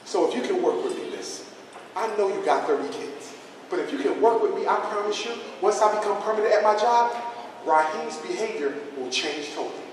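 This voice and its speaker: An overwhelmed young single mother , put on by a man, begging earnestly for a little more time. Her voice sits high and carries in a big echoing hall. It is picked up from far off, with faint noise behind it. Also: lively intonation, measured pace. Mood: pleading. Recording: echoey hall, mic far off.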